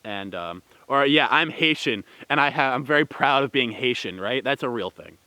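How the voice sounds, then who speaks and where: A man's voice: medium pitch, expressive, normal speed, sharp tone, no room sound. A man giving a rambling, heated opinion commentary with many fillers and restarts. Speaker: vlogger.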